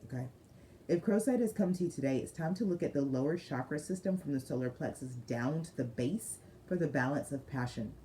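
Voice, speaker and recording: Chatty woman with a low, mellow voice. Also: a little hiss or hum. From United States. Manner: chatty, digressive, reads aloud with emphasis. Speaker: spiritual reader. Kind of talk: casual crystal card reading.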